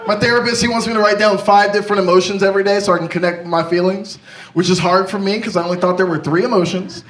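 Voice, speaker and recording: A young man performing a stand-up set, brash and confessional, talking in an animated way. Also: high voice, fast. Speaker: stand-up comedian. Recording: roomy echo, mic far off, noisy.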